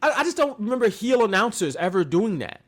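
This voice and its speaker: A man co-hosting a casual podcast, his voice sitting a touch high and leaping around with lively swings in pitch. He tells the story with animated energy, mocking quotes and frequent laughs. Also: a little fast. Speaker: podcast co-host. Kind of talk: casual wrestling recap chat.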